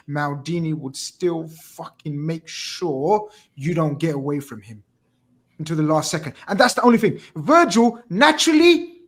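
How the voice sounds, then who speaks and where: Middle-aged male podcast host, high voice, emphatic, swears a lot, casual football chat. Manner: animated, emphatic, swears often.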